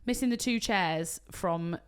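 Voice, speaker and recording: A British woman and wedding coordinator, co-hosting a podcast and telling an animated story full of acted-out quotes. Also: on the low side, a little slow, clean tone. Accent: British English. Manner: animated storytelling, acts out quotes, swears casually. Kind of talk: casual chat, storytelling.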